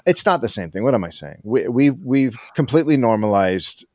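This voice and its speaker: A man co-hosting a podcast, talking in a sarcastic, profane, animated way. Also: mid-range voice, fairly quick, no echo, studio quality. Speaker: podcast co-host. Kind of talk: casual chat.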